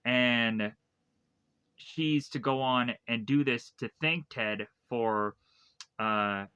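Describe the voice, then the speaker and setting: A man's voice: mid-range voice, sharp tone, clean tone, dry recording, lo-fi sound. A man casually recapping a movie plot in a rambling way, full of fillers and restarts. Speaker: film reviewer.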